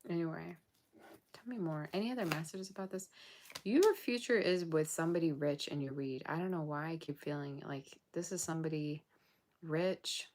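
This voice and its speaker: A woman's voice: low voice, normal speed, darkish tone. A woman giving a casual tarot reading straight to her viewers, blunt and sassy, tired and yawning late at night. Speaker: tarot reader.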